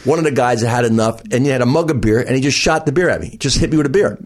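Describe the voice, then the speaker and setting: An older man with a husky, slightly rough voice rattles off his anecdotes at a quick clip. He tells stories in a lively, animated way, like a comedian recounting his time on stage. The tone is loose and conversational. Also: mid-range voice. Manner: animated, rapid anecdotes with laughs. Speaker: stand-up comedian, guest. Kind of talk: casual storytelling.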